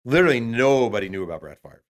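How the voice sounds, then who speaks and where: A man, an author guest in an interview, telling stories in a lively way and acting out what others said. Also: medium pitch, fast. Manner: acts out quotes of others, many fillers. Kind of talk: animated storytelling.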